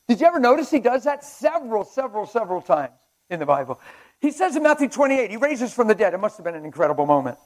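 A man preaching a fervent sermon at a men's breakfast, swinging between shouts and hushed asides and laughing with the crowd. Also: high voice. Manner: laughs and chats with the audience.

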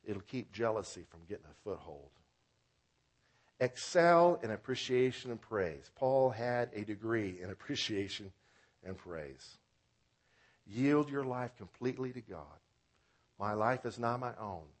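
A man pastor preaching a sermon with animated delivery, swinging from loud emphatic lines to soft near-spoken ones, fond of wordplay and repetition. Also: on the low side, a little slow.

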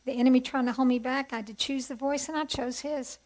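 A woman's voice: high voice, steady tone, fast, darkish tone, rough recording. A middle-aged woman sharing a personal testimony at a women's conference, earnest and conversational, often asking rhetorical questions. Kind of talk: testimony sermon.

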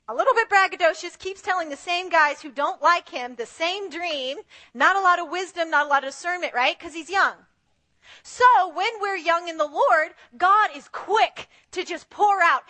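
A woman preaching an animated sermon with a very high, bright voice. She slips into other people's voices as she talks, acting out the lines she quotes. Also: moderate pace.

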